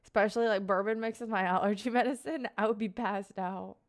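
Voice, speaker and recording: A woman's voice: medium pitch, fairly even intonation, a little fast. A young woman live-streaming, chatting casually and playfully with her viewers and answering their questions. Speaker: livestreamer.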